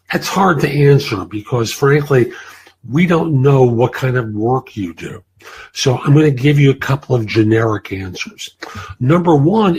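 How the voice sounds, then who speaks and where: A man's voice: mid-range voice, a little mellow, slight background noise, low-quality recording. A man hosting a career advice show, answering listener questions in a blunt, plain-spoken way.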